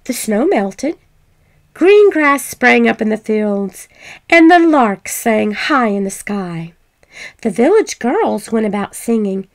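Expressive high-voiced woman reading a fairy tale. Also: takes it slowly. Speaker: storyteller. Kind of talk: fairy tale read-aloud.

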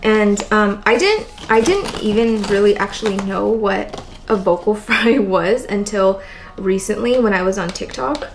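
A woman with a raspy, tired voice and constant vocal fry, chatting casually in a plant vlog. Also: mid-range voice, animated, measured pace, background noise. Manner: chatty, rambling, lots of "like". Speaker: plant vlogger. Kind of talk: casual chat while potting plants.

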